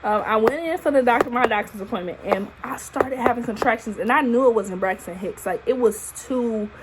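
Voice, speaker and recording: A young woman, a new mother casually telling her birth story to camera in an expressive, profane way. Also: fairly high pitch, a little fast, background noise. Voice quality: expressive, profane, animated retelling. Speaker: vlogger, new mom. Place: at home holding her baby.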